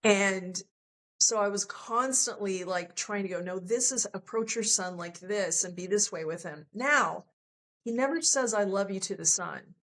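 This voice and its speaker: A woman's voice: medium pitch, a little slow, fairly bright tone. A woman sharing a personal love story as a podcast guest, candid and emotional, often quoting what others said to her.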